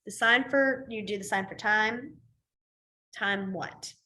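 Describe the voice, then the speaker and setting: A woman's voice: medium pitch, slow pace, pushed and bright. A young woman teaching a casual class, chatty, with frequent laughs and fillers. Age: young adult. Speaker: sign language teacher.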